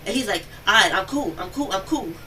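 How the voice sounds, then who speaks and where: Woman witness, rapid breathless retelling, very fast, distant bodycam audio, noisy background. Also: medium pitch, lively intonation, pushed and bright. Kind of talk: recounting events to police. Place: home, near the kitchen. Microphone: police bodycam.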